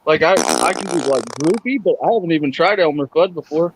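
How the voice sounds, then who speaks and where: A man's voice: fairly high pitch, expressive, brisk, creaky, slight background noise. A man who does impressions, chatting in an easygoing way as a guest. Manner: easygoing, hesitant fillers. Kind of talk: casual chat. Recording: dull lo-fi audio.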